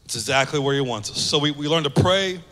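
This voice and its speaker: A man pastor preaching a sermon, earnest, repeating phrases for emphasis and dropping soft on key lines. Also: a little high, expressive, quick pace, in a large hall.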